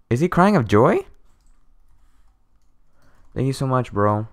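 A young man giving excited gameplay commentary to his viewers as a streamer, stammering and thanking them over and over, with keyboard clicks near his microphone. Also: mid-range voice, measured pace, long pauses, clean tone. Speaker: gaming streamer.

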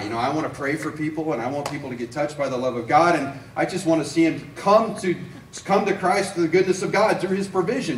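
Male evangelist, slightly high voice, animated storytelling sermon, roomy church sound. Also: recorded from a distance, slight background noise. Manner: animated storytelling with acted-out quotes. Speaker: evangelist preacher. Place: church sanctuary.

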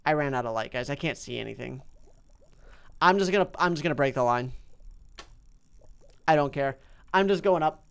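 A man hosting a mobile game commentary, chatty and excitable, talking to the on-screen fish and jumping up in pitch and loudness when something goes wrong. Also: normal speed, creaky, long pauses, clear, resonant tone. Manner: big jumps in pitch and loudness when upset. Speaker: gaming channel host.

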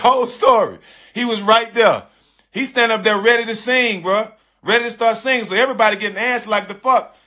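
Emphatic man telling a story, bright voice. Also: high-pitched. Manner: animated, emphatic, profane, repeating phrases for emphasis. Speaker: former pro basketball player. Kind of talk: casual storytelling to a live online audience.

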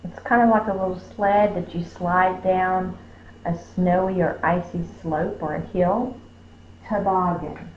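A woman with a lowish voice walks through a spelling lesson, sounding out each word syllable by syllable at a very unhurried pace. The recording is roomy and a little dull, with a faint hum behind her. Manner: sounds words out slowly, stretching syllables. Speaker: teacher. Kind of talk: slow phonics lesson.

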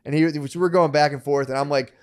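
A man in his thirties, a podcast co-host telling a story in casual chat, profane and animated, acting out the people he quotes. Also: a little high, fast talker.

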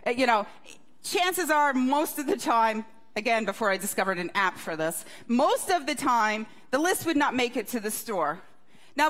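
A woman's voice: a little high, fairly bright tone. A woman pastor giving a conversational sermon, often asking the congregation questions. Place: church service.

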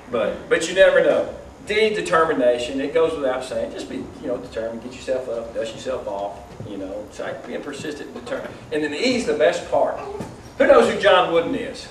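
A man giving a lively, joking motivational talk to an audience and leading them through an exercise. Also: on the high side, normal speed, slight background noise. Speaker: motivational speaker. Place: large hall with audience. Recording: echoey hall from far off.

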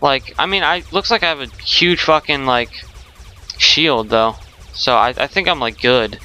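A man's voice: mid-range voice, unhurried, pushed and bright, smooth, soft background music. A young man giving rage gameplay commentary, swearing constantly with exasperated outbursts. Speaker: gaming YouTuber.

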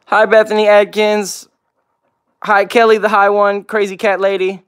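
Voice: medium pitch, flat delivery, normal speed, clean tone. A pet channel host chatting on a casual livestream, greeting viewers by name, reading out comments and cooing at the dogs. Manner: affectionate baby talk with the dogs.

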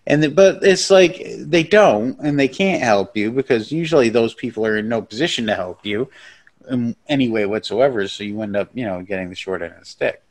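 Give me a man with a lowish voice talking bluntly and rambling as a podcast guest. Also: a little fast. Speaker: stand-up comedian guest. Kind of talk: casual podcast chat.

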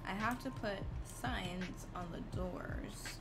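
A woman streamer drawls through casual late-night gaming chat, slow and unhurried, breaking into giggles. Her voice sits in a middle range, with music clearly playing behind her. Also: medium pitch. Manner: slow, drawn-out talk broken by frequent giggles.

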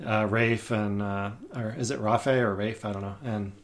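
A man's voice: fairly low pitch, fairly even intonation, moderate pace. A man talking as a podcast guest in casual chat, eager and rambling, with many fillers and restarts. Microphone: podcast microphone.

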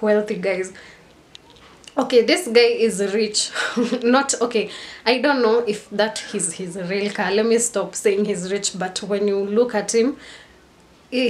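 Chatty young woman vlogging. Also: medium pitch. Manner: chatty and rambling, mixing in Swahili slang. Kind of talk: casual storytime vlog.

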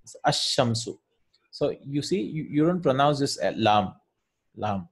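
A man's voice: mid-range voice, expressive, a little slow, breathy edge. A man teaching an Arabic grammar lesson in English, informal, repeating words and often checking with "right?". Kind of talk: casual online lesson.

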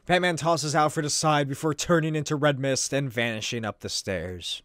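A man's voice: fairly high pitch, normal speed, few pauses, a bit bright, no echo, clean studio sound. A man hosting a comedic comic-book recap, narrating with sarcastic asides and swearing. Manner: sarcastic, swearing, laughs at the pictures. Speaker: video host.

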